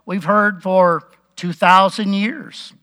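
A man preaching a relaxed Bible-teaching sermon, chuckling now and then and acting out the quotes. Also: high voice, slow pace.

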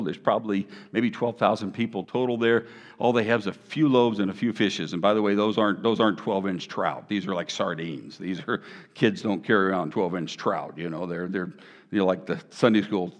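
A middle-aged man, preaching a sermon in an animated, conversational way. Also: lowish voice, moderate pace, big-room sound. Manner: animated, conversational preaching with sound effects and jokes. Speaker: pastor.

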